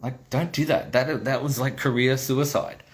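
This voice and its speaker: A middle-aged Australian toy designer, speaking with a mid-range voice at normal speed, tells a blunt story full of swearing. In this casual monologue he acts out the dialogue, animatedly retelling it with quoted lines.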